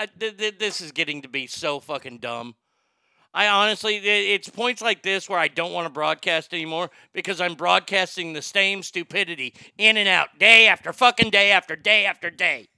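A man's voice: fairly high pitch, gravelly, bright, forceful tone, smooth, no room sound, clean studio sound. A man hosting a call-in show, ranting heatedly with lots of swearing and stammered restarts. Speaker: podcast host.

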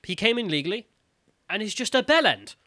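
Sardonic man, bright dry voice. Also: high voice, big pitch swings, fairly quick, no echo. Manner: sardonic, mocking, puts on voices for quotes. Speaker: podcast co-host. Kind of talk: casual news commentary chat.

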